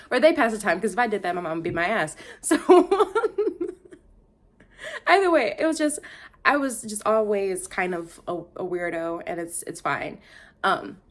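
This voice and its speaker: Young woman, chatty storyteller: rambling, full of "like", quick to laugh, mid-range voice. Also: mid-range voice. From Detroit. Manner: rambling, self-interrupting, laughs often, lots of "like". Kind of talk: casual storytime monologue.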